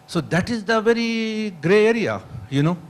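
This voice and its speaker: A man stands up at a conference to question the panel. His voice sits a little high, and he pushes through one rhetorical question after another, apologizing for his bluntness along the way. The conference hall is audible around him. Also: lively intonation, moderate pace. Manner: insistent, rhetorical, repeating apologies. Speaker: audience member asking a question.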